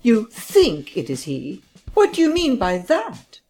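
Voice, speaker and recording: A woman's voice: deep voice, sing-song, normal speed, a little mellow, faint music behind. Woman playing an impatient, exasperated judge. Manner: incredulous, demanding questions.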